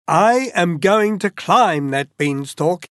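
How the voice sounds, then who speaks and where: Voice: mid-range voice, expressive, slow pace, a bit bright, no echo, studio quality. A storyteller voicing a bold, eager young boy from a fairy tale.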